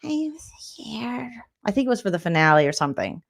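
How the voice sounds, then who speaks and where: A woman's voice: low-pitched, animated, very fast. A woman in her forties, a comedian, doing a sarcastic, exasperated reaction rant with plenty of swearing. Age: 40s.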